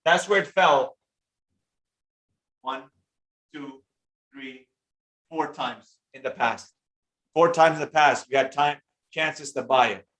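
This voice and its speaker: A man teaching trading on a live stream, answering chat comments in an energetic, slangy way and greeting viewers by name. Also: on the high side, slow pace, long pauses.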